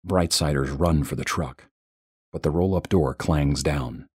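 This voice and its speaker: A man narrating a first-person horror story in a tense, measured way. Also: very deep voice, darkish tone, husky, no echo, studio quality.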